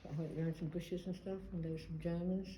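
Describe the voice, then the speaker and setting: A woman's voice: fairly low pitch, level tone, fast, dark tone, a little hiss or hum. A woman working as a medium, musing hesitantly as she calls out to a spirit inside a church. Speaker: psychic medium. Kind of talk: paranormal investigation chat. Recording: echoey church room.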